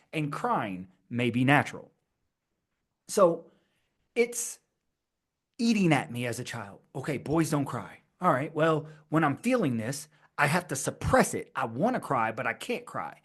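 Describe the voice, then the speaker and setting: A man hosting his own podcast, talking alone in a rhetorical style with slow, emphatic repeated phrases. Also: mid-range voice, breathy edge. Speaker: podcast host. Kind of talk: scripted-sounding solo podcast monologue.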